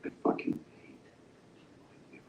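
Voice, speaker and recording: An actor playing a cold, hostile interrogator who questions with sarcasm and quiet threats. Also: male voice, unhurried, close to an everyday voice. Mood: menacing. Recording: dull echoey distant sound with faint rumble.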